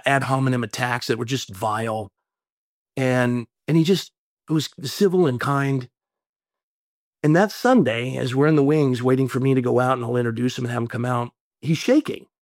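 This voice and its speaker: A man's voice: mid-range voice, dry recording, studio quality. A man who is a pastor, telling a long story in an interview, rambling with many restarts and folksy sayings. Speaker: pastor and mayor.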